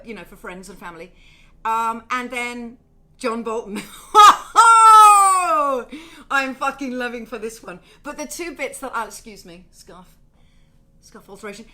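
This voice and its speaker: A middle-aged woman, talking casually at home and swearing a lot. Her voice sits fairly high, swinging widely in pitch, with a bright, forceful edge. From Wales. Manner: chatty, swears a lot, animated asides to her cat. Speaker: singer-songwriter hosting her own online show. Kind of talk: casual home video chat. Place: home, indoors.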